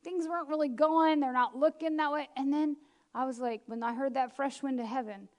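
A woman preacher giving a lively, chatty sermon with self-deprecating asides. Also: high-pitched, brisk. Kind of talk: conversational sermon.

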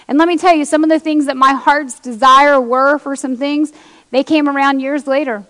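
High-voiced woman preaching in a reverberant hall. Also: brisk, fairly bright tone. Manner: impassioned, reads scripture aloud, talks directly to congregation. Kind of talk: sermon.

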